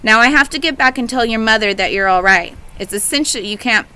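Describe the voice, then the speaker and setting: A woman voicing a calm, kindly country father. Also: fairly high pitch, clean tone. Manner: slow and calm.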